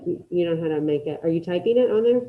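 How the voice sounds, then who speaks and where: A woman teaching a Spanish class online, brisk and encouraging, calling out students by name as she checks their answers. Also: fairly low pitch, lively intonation, narrow, tinny audio.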